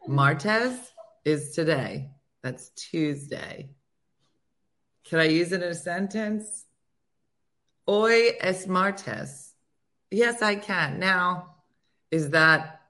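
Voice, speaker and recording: Hosting an online morning show, a woman with a fairly low, bright, forceful voice chats casually and pokes fun at herself, laughing at her own expense.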